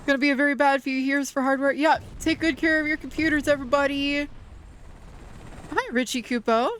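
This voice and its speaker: A woman streaming a video game, talking to her chat, excitable and swearing often. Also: sits high, a little fast, slight background noise. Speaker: VTuber streamer. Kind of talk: gaming livestream chat.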